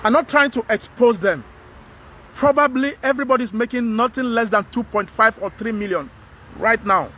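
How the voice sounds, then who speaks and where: A man's voice: very high voice, normal speed, bright, forceful tone, a little hiss or hum. A man with a Nigerian English accent, giving a frank, earnest monologue to camera as a vlogger, often repeating himself to press a point.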